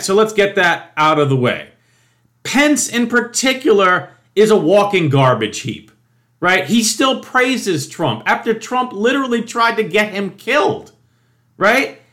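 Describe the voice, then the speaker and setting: Man, higher-pitched voice, profane indignant rant, emphatic, political commentary monologue. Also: sharp tone. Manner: mocking quoted voices. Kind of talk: opinion monologue.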